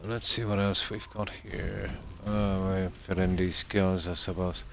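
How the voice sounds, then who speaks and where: A deep-voiced man streams a game from his home and answers chat in a soft, unhurried way. He speaks slowly with relaxed fillers. A faint room hum sits behind him. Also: creaky. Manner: soft-spoken, talks quietly so sleeping dogs stay asleep. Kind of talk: casual gameplay commentary.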